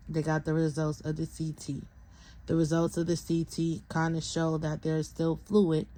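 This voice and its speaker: Exhausted young woman vlogger, flat low gravelly voice, venting straight to camera. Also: poor audio. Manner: venting, tired, talks straight to viewers. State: exhausted, close to tears. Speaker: vlogger, parent of a sick child. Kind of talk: emotional vlog update.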